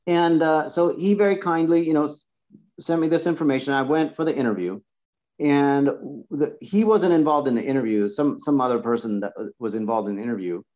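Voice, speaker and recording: A man's voice: a little high, brisk. Guest guy, massage therapist, chatty storyteller, keeps restarting words, kinda muffled lo-fi audio. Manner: restarts words often, clears throat, animated retelling. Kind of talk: conversational storytelling. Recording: dull lo-fi sound.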